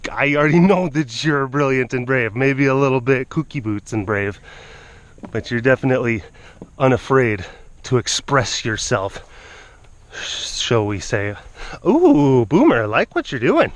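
Man, mid-pitched voice, animal keeper, casual vlog chatter, playful coaxing, repeats himself, occasional hushed tone. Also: big pitch swings, measured pace, no room sound. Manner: playful, coaxing, often repeats phrases to the cubs. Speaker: big cat keeper. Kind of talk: casual narration to camera while working with animals.

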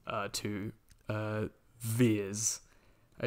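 A man with a low voice that stays flat and level talks through a film's plot on a casual podcast. He keeps stopping on fillers and pausing to act out quoted lines as he goes. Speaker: podcast host. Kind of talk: casual movie discussion.

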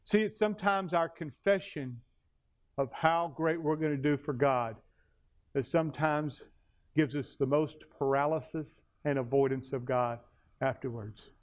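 A male pastor preaching a sermon, retelling scripture with dramatic pauses and slowing for emphasis. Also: on the high side.

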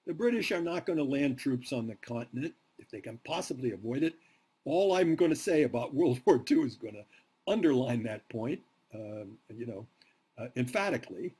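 Male history professor in a classroom, lively swooping delivery, slightly husky, drives points home with rhetorical questions. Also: medium pitch, moderate pace. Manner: emphatic, asks rhetorical questions. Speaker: history lecturer. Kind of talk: university lecture.

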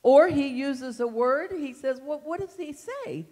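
A woman leading a Bible study, reading scripture aloud in a tender, animated way. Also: sits high, a little slow. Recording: long hall reverb.

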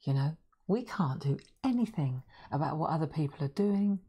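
A woman with a slightly croaky voice hosting a live craft stream, chatting and reassuring her viewers. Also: sits low, animated, normal speed, warm tone. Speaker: craft livestream host. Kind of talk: casual live-stream chat.

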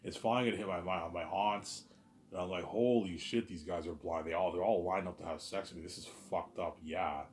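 Deep-voiced man in a rambling monologue. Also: steady tone, fast. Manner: repetitive, often trailing off quietly; intense, swearing. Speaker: vlogger.

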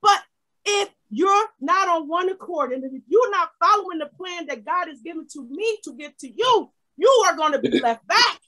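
A woman pastor preaching a fervent sermon, swinging from shouting to quiet asides. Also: very high voice, lively intonation, moderate pace, rough recording.

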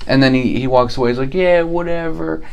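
Casting: man, casual host, smooth clear voice, rambling and chatty delivery. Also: mid-range voice, completely flat delivery, rapid-fire. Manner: chatty, rambling, acts out movie lines. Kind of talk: casual chat.

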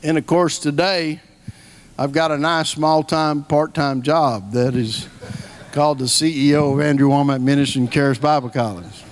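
A man's voice: a little high, steady tone, moderate pace, a little hiss or hum. A middle-aged man preaching a sermon, telling stories in a folksy way and repeating key phrases for emphasis. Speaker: guest preacher.

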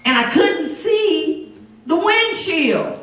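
A woman evangelist preaching a storytelling sermon, animated, moving from low narration to shouted exhortation. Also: very slow. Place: church sanctuary. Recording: echoey church sound from a distance.

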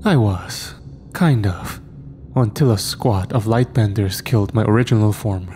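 A man's voice: on the low side, unhurried, warm tone, a little hiss or hum, lightly acted. A man voicing a smug demon posing as a young man, speaking with casual, mocking menace.

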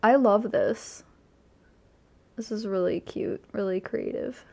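A woman's voice: mid-range voice, slow pace, gravelly, a little mellow. A woman giving casual, gushing commentary while she tours a game island, easily delighted and chatty. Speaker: streamer touring a game island.

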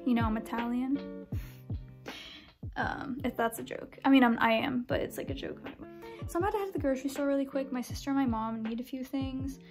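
A woman's voice: sits high, brisk, music in the background. A young woman vlogging her day in a chatty, self-mocking way, sometimes dropping to a near whisper. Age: young adult. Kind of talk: casual vlog chat.

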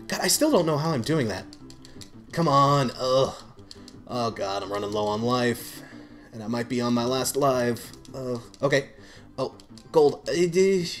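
A man giving live commentary while playing a video game, excitable and given to swearing. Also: mid-range voice. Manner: excitable, swears, frequent shouts and laughs. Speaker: gaming YouTuber. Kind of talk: live let's-play commentary.

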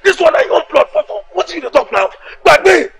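A man's voice: extremely high pitch, sing-song, fast, vocal fry, full character voice, poor audio. An actor playing a brash young male street gang leader with a Nigerian accent, mixing Yoruba and Pidgin in a swaggering street voice. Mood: boastful. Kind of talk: Nollywood film acting.

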